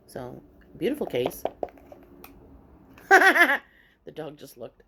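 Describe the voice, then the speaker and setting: Woman, low-pitched, lively swooping intonation, casual vlog chat. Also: drawn-out words, gravelly, pauses often, background noise. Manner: animated storytelling, swears freely. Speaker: vlogger.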